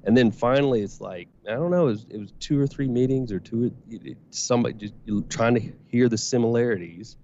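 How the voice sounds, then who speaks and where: A man's voice: mid-range voice, a little fast, hardly any pauses, darkish tone. A man talking as a podcast guest in casual chat, candid and rambling, with frequent swearing. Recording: slightly dull audio with faint noise.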